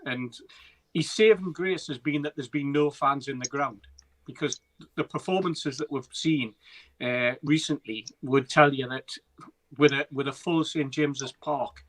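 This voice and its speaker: A man's voice: mid-range voice, unhurried, a bit bright, low-quality recording. A man co-hosting a football podcast, talking emphatically and repeating words as he builds a point. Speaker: podcast co-host. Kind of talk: casual football chat.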